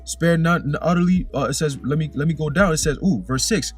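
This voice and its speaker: A man's voice: fairly high pitch, fast talker, hardly any pauses, slightly rough, faint music behind. A young man preaching in a casual way, reading scripture verses aloud and often ending his lines with "man". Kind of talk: informal scripture teaching.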